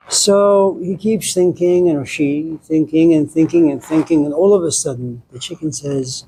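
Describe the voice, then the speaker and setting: A man giving a lecture, telling a story with wry, deadpan humor. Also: on the high side, unhurried, a little hiss or hum, low-quality recording.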